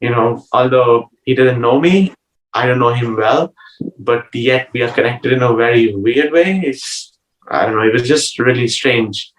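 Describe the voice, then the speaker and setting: A man telling a personal spiritual story as an interview guest, earnest and hesitant, with many pauses and restarts. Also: medium pitch. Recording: roomy sound from a distant mic.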